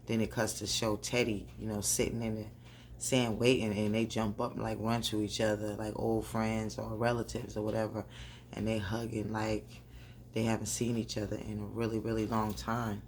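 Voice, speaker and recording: Creaky, chatty woman recapping a show. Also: rumbling low, normal speed, a little hiss or hum. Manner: animated, talks straight to viewers, laughs often. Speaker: TV recap vlogger.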